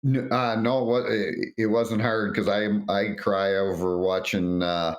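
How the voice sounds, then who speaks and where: A man's voice: on the low side, measured pace. A middle-aged man, a retired referee, telling anecdotes on a podcast and acting out quotes with frequent restarts. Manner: animated storyteller, acts out quotes, frequent restarts. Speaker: retired hockey referee guest.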